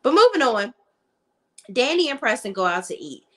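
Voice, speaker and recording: A woman's voice: on the high side, big pitch swings, moderate pace, pushed and bright. A woman giving a casual, blunt and slangy recap of a TV episode, full of her own opinions as a show reviewer.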